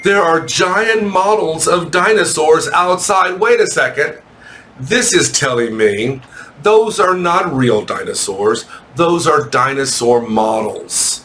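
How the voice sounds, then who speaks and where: Man, English teacher, slow and deliberate, jokey with kids; faint noise behind. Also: on the high side, expressive, a bit bright. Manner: joking, playful asides; spells and repeats words slowly. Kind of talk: classroom lesson reading aloud.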